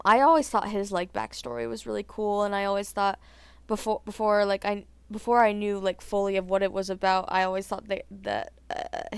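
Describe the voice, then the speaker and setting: A woman chatting in a casual vlog, animated and talkative, filling her speech with "like" and laughing at her own opinions. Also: medium pitch, clean tone, no echo. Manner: chatty and animated, heavy use of "like". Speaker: vlogger.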